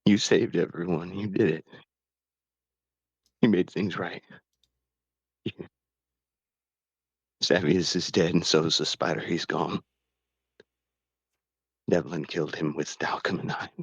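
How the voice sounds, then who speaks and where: A man's voice: deep voice, fairly even intonation, slow pace, long pauses, breathy edge, no room sound, dull audio, heavily acted. A man playing a grieving male warrior bound by an oath, talking in a tearful, pleading way.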